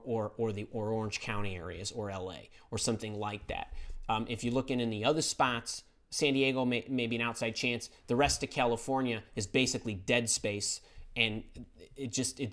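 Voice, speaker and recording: A man's voice: mid-range voice, fairly bright tone. A middle-aged man hosts a live question-and-answer stream, answering viewers off the cuff. He is blunt and emphatic, doubling back on words to stress a point. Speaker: career advice host answering viewer questions. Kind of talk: live-stream Q&A, casual and opinionated.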